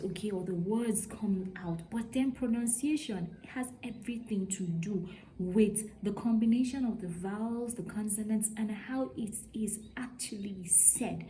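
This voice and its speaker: Emphatic woman teaching pronunciation, mellow voice. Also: medium pitch, slight background noise, poor audio. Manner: emphatic, repeats "okay?" to check understanding. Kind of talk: talking-to-camera lesson.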